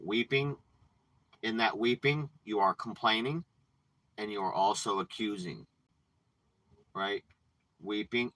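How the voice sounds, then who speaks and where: A man hosting a livestream, ranting and preaching with frequent swearing, dropping from low mutters to loud outbursts. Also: no room sound, low-quality recording. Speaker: livestream host.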